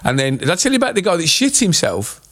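A man's voice: high-pitched, huge pitch swings, fast, a bit bright. A man, a tattoo artist telling anecdotes in a casual podcast chat, rambling with many fillers.

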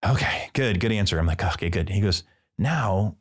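A man's voice: low-pitched, brisk, husky. A man, a priest and podcast guest, telling a personal story in casual conversation and acting out the dialogue with playful asides. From Midwestern United States.

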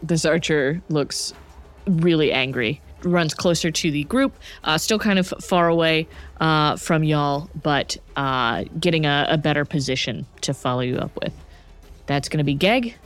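Slow-talking woman running a tabletop game. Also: low voice, smooth. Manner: unhurried, laughs often. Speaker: game master. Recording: faint music underneath.

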